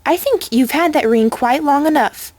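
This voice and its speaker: A woman voicing a serious, wise female unicorn, speaking calmly and firmly. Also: high voice, normal speed, no echo, pitched above the performer's own voice, close to an everyday voice. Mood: grave.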